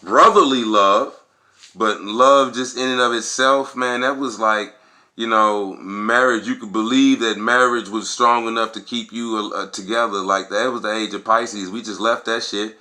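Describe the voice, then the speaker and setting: A man's voice: lowish voice, steady tone, normal speed, sharp tone. A man talking casually on camera, giving a rambling, profane opinion monologue and acting out quotes with animation. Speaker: video blogger.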